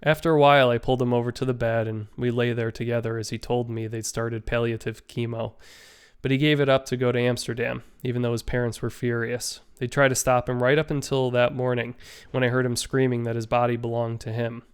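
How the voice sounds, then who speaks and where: A man, a teacher, reading a novel aloud as an audiobook in a steady, measured way. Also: medium pitch, smooth. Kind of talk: audiobook narration.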